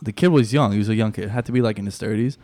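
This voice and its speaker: A man's voice: lowish voice, rapid-fire, mellow. A man in his thirties, a podcast guest, telling a story in easygoing casual chat.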